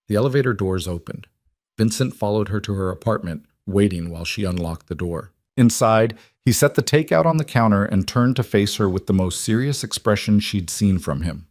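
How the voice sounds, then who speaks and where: A man giving steady, measured scripted narration of a dramatic story. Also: sits low, no room sound, clean studio sound.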